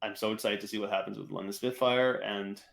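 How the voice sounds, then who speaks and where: A young man co-hosting a casual gaming podcast, talking in excited, rambling bursts full of "like" and restarts. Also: lowish voice, fast talker, gravelly. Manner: excitable, rambling, heavy use of "like". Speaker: podcast co-host. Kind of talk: casual esports podcast chat.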